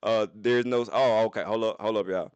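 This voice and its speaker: A young man streaming from his phone, telling a profane story to his chat in an animated way, with sudden jumps into high voices. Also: moderate pace, smooth, no room sound, muffled recording.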